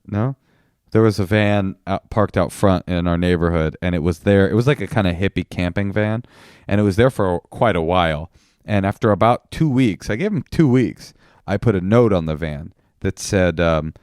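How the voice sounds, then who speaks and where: A man co-hosting a podcast, chatting casually and telling stories with animated quoted voices. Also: moderate pace, smooth, no room sound, studio quality. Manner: animated storyteller, jumps into high quoted voices. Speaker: podcast co-host. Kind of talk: casual chat.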